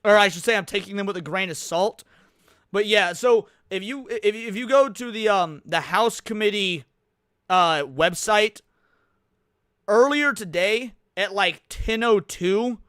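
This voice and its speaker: A man's voice: high-pitched, unhurried, a bit bright, clean tone, dry recording, studio quality. A man hosting a live stream, talking casually to his viewers with rambling restarts and fillers. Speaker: livestream host.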